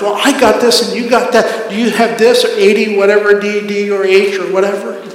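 A high-voiced man preaching a sermon. He speaks earnestly, building to emphatic peaks before dropping to a hush. His voice rings through a big, reverberant sanctuary with a long hall tail. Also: slight background noise. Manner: earnest preaching, builds to emphatic climaxes then drops soft. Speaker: pastor.

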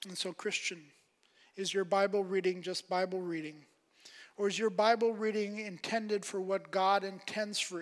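A man preaching a sermon, emphatic, rising on quoted questions and dropping soft at phrase ends. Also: high-pitched, flat delivery, a little slow. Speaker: pastor. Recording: long hall reverb.

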